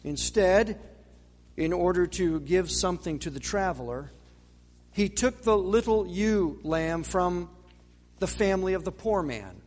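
Slow, measured high-voiced male preacher. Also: animated, a little mellow. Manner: measured, dramatic pauses, rhetorical questions. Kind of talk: sermon. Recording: long reverb of a large hall.

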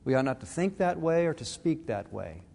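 A man's voice: a little high, big pitch swings, moderate pace, vocal fry, warm tone, big-room sound. A middle-aged man preaching a sermon, earnest and conversational, restarting his phrases as he talks. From Arizona. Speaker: pastor.

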